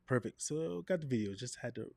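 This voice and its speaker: A man teaching a live online class on presenting to camera, animated, often checking in with "right?". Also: mid-range voice, brisk, gravelly, no echo, clean studio sound. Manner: animated, varies tone to demonstrate, frequent "right?". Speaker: presentation coach. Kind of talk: live online coaching session.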